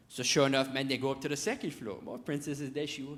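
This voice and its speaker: A man's voice: medium pitch, steady tone, quick pace, fairly bright tone. A man with a Cajun accent telling a folksy stand-up story on stage, talking straight to the audience. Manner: folksy, chatty, addresses audience as y'all. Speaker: stand-up comedian. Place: comedy stage.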